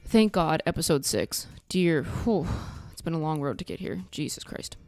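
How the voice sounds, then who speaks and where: A woman vlogger talks through a show recap in a low-set voice that swings up and down a lot. She is blunt and sarcastic, with casual swearing, and faint music plays behind her. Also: lively intonation, moderate pace, a little mellow, no room sound.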